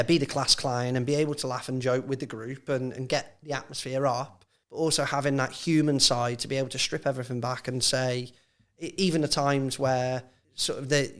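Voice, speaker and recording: English man, former physio, casual podcast chat, storytelling, mid-pitched. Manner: chatty, storytelling, laughs at own anecdotes. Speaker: football physio guest.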